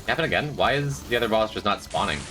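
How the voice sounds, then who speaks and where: Male streamer, low pitch, animated, wry, music in the background. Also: fast. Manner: dry, joking, talks to chat. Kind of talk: casual gameplay commentary. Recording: faint music behind.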